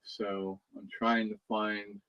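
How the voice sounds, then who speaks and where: Male stream host, lowish voice, dry sound, casual and chatty, dotes on his cats. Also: fairly even intonation, moderate pace, vocal fry, no room sound, dull audio. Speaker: livestream host. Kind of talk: casual livestream chat.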